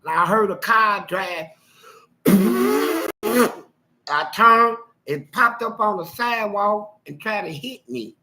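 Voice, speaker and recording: A man's voice: high voice, takes it slowly, long pauses, very noisy. A man telling a personal story on a live stream in a casual, slangy way, acting out what people said. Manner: animated, slangy, acts out the quotes.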